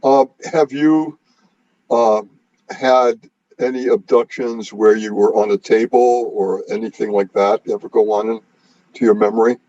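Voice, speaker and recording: Man, interviewer, mellow dark voice, dry muffled lo-fi recording, halting talk. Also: lowish voice, fairly even intonation. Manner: conversational, halting, with many fillers.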